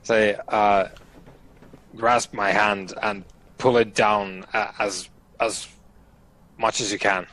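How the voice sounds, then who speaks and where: A man with a lowish voice playing a tabletop game. He talks at an easy pace, pausing and repeating himself as he decides what to do. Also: little pitch movement, a bit bright. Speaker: player. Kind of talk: casual tabletop play.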